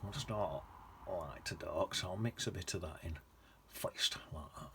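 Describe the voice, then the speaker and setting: A man's voice: low voice, animated, a little slow, pushed and bright, a little hiss or hum. A man giving a casual watercolour painting demonstration, rambling along with muttered asides to himself. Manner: chatty, rambling self-talk with muttered asides. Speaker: painting teacher.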